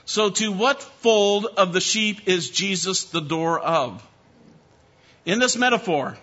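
Guy preaching a verse-by-verse sermon, high bright voice, pretty emphatic, kinda dull lo-fi sound. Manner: emphatic, addresses listeners as beloved, asks for amens. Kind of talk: expository sermon.

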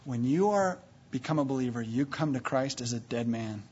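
Husky emphatic male preacher. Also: lively intonation, normal speed. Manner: emphatic, building from low and quiet to loud and high; retells scripture stories with quoted voices. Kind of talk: sermon. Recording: dull lo-fi recording.

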